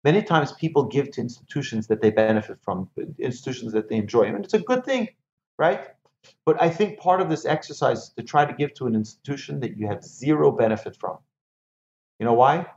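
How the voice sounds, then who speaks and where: A man teaching a Torah lesson in an animated way, repeating key phrases and asking rhetorical questions. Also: medium pitch, fairly quick. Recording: echoey, slightly dull room recording.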